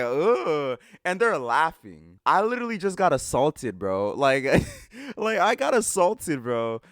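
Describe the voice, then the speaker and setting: A man telling a funny personal story in a storytime vlog, animated and exaggerated, swearing often. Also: medium pitch, smooth, no room sound, clean studio sound. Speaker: vlogger.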